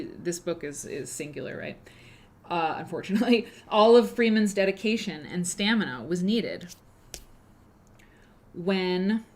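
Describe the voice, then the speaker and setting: Chatty woman hosting a quilting stream. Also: on the low side. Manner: chatty and enthusiastic, many fillers and restarts. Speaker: host of a live quilting show. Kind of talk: casual live-stream chat and reading aloud.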